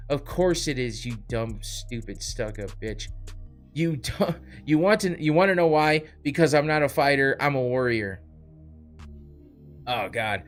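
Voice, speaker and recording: A man hosting a podcast delivers a heated, profane rant in a mid-pitched voice. His talk is blunt and cutting, broken up by brief laughs. Faint music plays behind him. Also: animated, a little slow. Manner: blunt, swearing, laughing between jabs. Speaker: podcast host.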